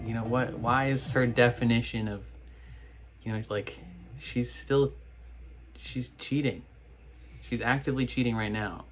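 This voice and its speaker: Man reacting to a show on camera, unhurried and exasperated, with faint show music underneath. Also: medium pitch. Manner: exasperated, talks back at the screen. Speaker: reaction video host. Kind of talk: casual reaction commentary.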